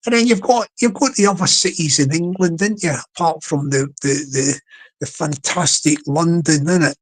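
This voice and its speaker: A man's voice: fairly high pitch, moderate pace, rough recording. A man hosting a livestream in casual chat, rambling, repeating words and chuckling often. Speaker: livestream host.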